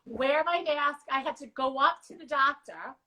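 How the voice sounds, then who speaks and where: Brief: woman host, bright and fairly high-pitched, chatty and animated, voice just recovering from strep throat, casual livestream on a video call. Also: normal speed, rough recording.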